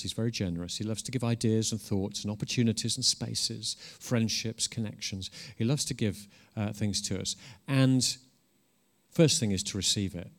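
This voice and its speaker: A man preaching a conversational sermon. He is informal and earnest, restarts often, and swells into emphatic bursts. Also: lowish voice.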